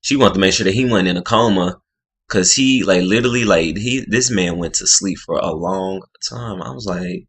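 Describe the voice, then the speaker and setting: Deep-voiced man rambling through a recap. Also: moderate pace, slightly rough. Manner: rambling, many fillers and restarts, slangy. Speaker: reality TV recapper. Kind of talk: casual recap monologue.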